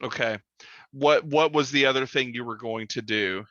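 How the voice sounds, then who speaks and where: A man's voice: medium pitch, normal speed, pushed and bright, dry recording, lo-fi sound. A man running a tabletop game as dungeon master, rambling and correcting himself as he describes scenes. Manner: rambling, self-correcting, laughs easily.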